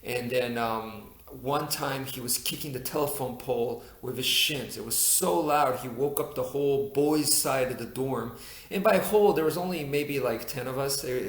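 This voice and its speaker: A man's voice: mid-range voice, moderate pace. A man tells an old personal story in a loose, rambling way, full of fillers, restarts and self-mocking asides. His voice bounces around a noticeably echoey room. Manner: rambling, many fillers and restarts, laughs at himself. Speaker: YouTuber telling a personal story. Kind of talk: casual storytelling to camera.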